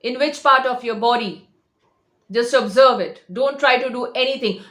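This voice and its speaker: A woman's voice: a little high, normal speed, fairly bright tone, reverberant. A woman coach giving a direct-to-camera motivational talk, insistent and emphatic, often repeating her points. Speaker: manifestation coach.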